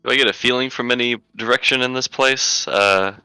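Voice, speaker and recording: A man's voice: mid-range voice, steady tone, fairly quick, bright, forceful tone, smooth, no echo, soft background music, rough recording. A man playing a tabletop game, joking with incredulous banter. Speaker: player. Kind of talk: role-play banter.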